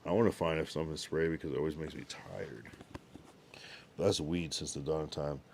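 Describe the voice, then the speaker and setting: With a rumbling low voice, steady tone and vocal fry, a young man talks briskly over slight background noise. He's livestreaming, reading viewer comments in drowsy, laid-back chat loaded with slang and loose asides, yawning now and then as he's sleepy.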